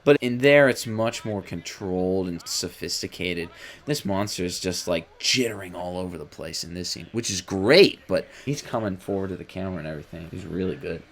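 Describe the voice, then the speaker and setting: Casting: lowish male voice, eager co-host, trips over his words when excited. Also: normal speed. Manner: enthusiastic, stammers on restarts. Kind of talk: casual review chat.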